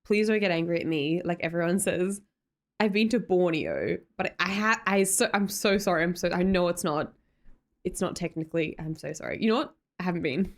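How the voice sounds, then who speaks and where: Chatty Australian woman streamer. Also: medium pitch. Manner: chatty and giggly, with frequent fillers and self-corrections. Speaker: livestream host. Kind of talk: casual chat reading viewer comments.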